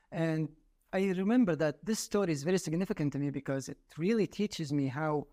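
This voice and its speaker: A young man from Saudi Arabia, a podcast guest, telling a story in relaxed chat and laughing often. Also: fairly high pitch. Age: 20s.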